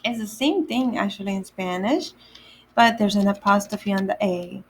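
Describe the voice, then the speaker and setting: A woman's voice: medium pitch, a little hiss or hum, poor audio. A woman teaching a children's Spanish vocabulary lesson, repeating each word and spelling it out letter by letter. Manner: repeats words slowly, spells them out letter by letter. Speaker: Spanish teacher for a day camp.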